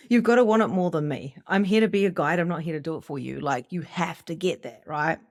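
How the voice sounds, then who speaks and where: A middle-aged woman giving an animated, casual motivational talk as a spiritual coach, swearing freely and acting out inner voices. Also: fairly low pitch, moderate pace, no room sound, studio quality. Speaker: psychic medium and spiritual coach.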